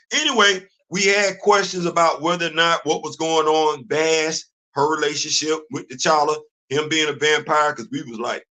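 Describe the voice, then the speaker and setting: A man hosting a comics show, talking casually to his viewers in an animated way, repeating himself and getting loud when worked up. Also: high-pitched, poor audio.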